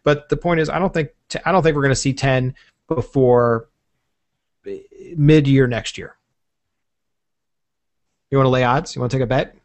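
A man hosting a casual tech podcast, relaxed and joking, rambling through the news. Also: medium pitch, moderate pace, long pauses. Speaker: podcast host.

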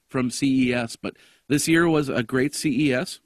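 A man hosting a casual tech podcast, his voice raspy and hoarse from a cough, rambling with lots of fillers and restarts. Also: medium pitch, normal speed, no echo, studio quality. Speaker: podcast host.

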